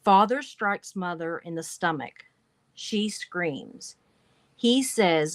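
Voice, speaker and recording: A woman reads passages aloud on her livestream at a slow, deliberate pace, stopping now and then for dry, wry asides. Her voice sits a little low, and the recording is close and dry, with no room sound. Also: animated, no room sound. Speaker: livestream show host. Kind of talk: reading aloud with commentary.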